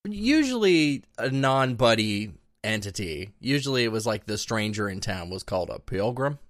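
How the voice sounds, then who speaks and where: Deadpan, low-voiced podcast co-host. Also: male voice, normal speed, no room sound. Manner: dry, deadpan, sardonic. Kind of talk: casual podcast banter.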